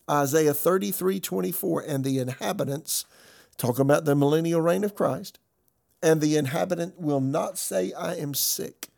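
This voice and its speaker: A man's voice: a little high, creaky, a little mellow. A male pastor delivering a sermon with emphasis, reading scripture passages aloud.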